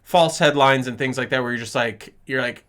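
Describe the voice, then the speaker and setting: This is a man on a live film discussion stream, chatting casually and telling stories with quick asides. His voice is bright and forceful, with a fairly ordinary pitch for a man. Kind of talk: casual chat.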